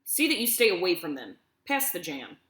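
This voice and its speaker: Firm, steady father figure, read by a woman in her own lowish voice, echoey room. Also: moderate pace. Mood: stern. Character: stern grown man, a worried father.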